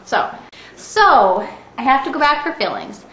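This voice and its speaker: Woman vlogging a long rambly story, kinda high voice, echoey room with a bit of hiss. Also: sing-song, unhurried, fairly bright tone, dull audio. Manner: rambling, chatty, laughs while telling. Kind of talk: casual storytelling vlog.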